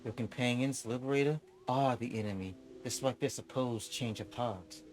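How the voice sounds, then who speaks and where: A man reading the lines of a proud, smug woman general from a game, in a cool, measured, haughty way. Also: mid-range voice, music in the background, close to an everyday voice.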